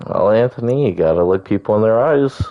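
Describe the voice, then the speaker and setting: A man chatting casually while playing a video game, calm and laid-back with gentle teasing. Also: fairly low pitch, a little fast, narrow, tinny audio. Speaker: gaming channel co-host. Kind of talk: casual let's-play chat.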